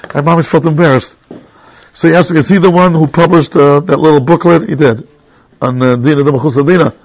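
Middle-aged man, Torah teacher, husky and gravelly, lively storyteller voice. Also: fairly quick, dull audio. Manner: animated storyteller with sudden high exclamations. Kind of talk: Torah class with personal stories.

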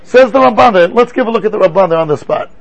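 Man giving a lively Torah class, high gravelly husky voice, rhetorical questions, stumbling restarts. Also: fast, lo-fi sound. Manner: animated, rhetorical questions, frequent stammering restarts. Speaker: rabbi teaching a Torah class. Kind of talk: animated Torah lecture.

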